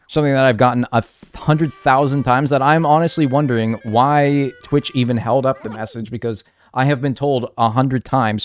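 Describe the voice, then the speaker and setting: Male streamer, mid-pitched, loose rambling banter with self-mocking jokes, faint game music underneath. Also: moderate pace, no room sound. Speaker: live streamer. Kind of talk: casual live-stream chat.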